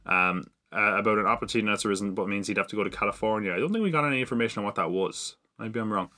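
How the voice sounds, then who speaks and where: Male podcaster, chatty solo recap, slightly low voice with a sharp edge. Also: rapid-fire. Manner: chatty, rambling, with frequent fillers and self-mocking laughs. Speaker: podcast host. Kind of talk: casual solo TV episode recap.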